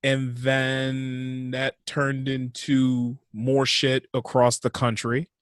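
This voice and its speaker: A man's voice: mid-range voice, monotone, extremely slow, dry recording, clean studio sound. A young man co-hosting a casual podcast, speaking bluntly with plenty of swearing and frank opinions. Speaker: podcast co-host.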